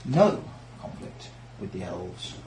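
A man voicing a composed, formal female envoy in a tabletop game, with measured speech in an echoey room. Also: low voice, sing-song, full character voice. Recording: echoey room, faint background noise.

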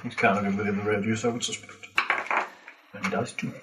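A man's voice: lowish voice, flat delivery, brisk, fairly bright tone, roomy sound, far from the mic, slight background noise. A man running a tabletop game as dungeon master, giving matter-of-fact rulings.

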